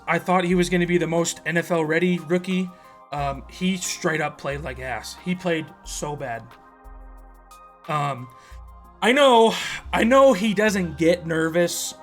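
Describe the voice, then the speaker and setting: Male fan vlogger, high voice, swearing through a heated game rant, light music bed. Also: fairly bright tone. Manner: profane, exasperated ranting. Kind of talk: sports reaction rant.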